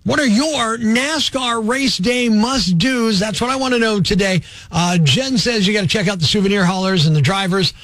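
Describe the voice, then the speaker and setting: A man's voice: sits high, normal speed, fairly bright tone, no echo. A man hosting a morning radio show, wisecracking and ranting with energy between caller calls. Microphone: studio mic.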